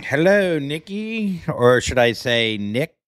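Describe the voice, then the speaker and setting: A young man from St. Louis co-hosting a casual podcast, playful and quick to laugh. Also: fairly high pitch, sing-song, no echo, clean studio sound. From St. Louis, USA. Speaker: podcast co-host. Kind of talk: casual chat.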